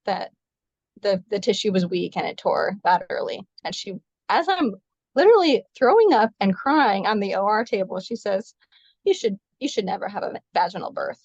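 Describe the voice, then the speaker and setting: A woman's voice: medium pitch, creaky, no echo, muffled recording. Woman retelling her birth story. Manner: fast, animated retelling with quoted dialogue. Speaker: guest, nurse sharing her birth story. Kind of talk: emotional personal storytelling.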